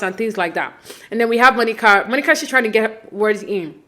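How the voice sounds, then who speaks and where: A woman's voice: a little high, pushed and bright. Chatty woman recapping reality TV. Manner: chatty and opinionated, fast with many fillers and restarts; acts out quoted lines with mock voices. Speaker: podcast host recapping reality TV. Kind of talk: casual recap commentary.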